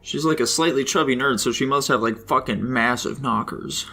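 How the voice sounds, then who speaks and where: A man's voice: mid-range voice, fairly quick, sharp tone, soft background music. A young man leading a casual podcast chat, asking questions in a teasing way and making crude jokes. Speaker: podcast co-host.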